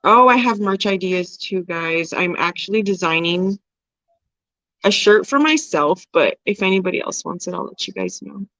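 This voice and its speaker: A woman's voice: mid-range voice, animated, normal speed, fairly bright tone, no room sound. Woman in her forties, livestream host, candid and casual, laughs a lot, dry close sound with a dull edge. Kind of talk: casual livestream chat reading comments.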